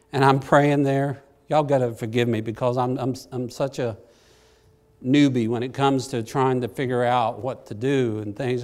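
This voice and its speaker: A middle-aged man preaching, telling a personal story in a folksy, self-deprecating way that swings from hushed to excited. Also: mid-range voice. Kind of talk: sermon storytelling.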